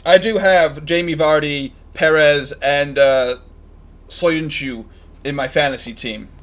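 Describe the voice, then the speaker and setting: A man's voice: on the high side, takes it slowly, a bit bright. Chatty man streaming a football watchalong. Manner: chatty, joking, fan-biased predictions. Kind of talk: casual live match commentary.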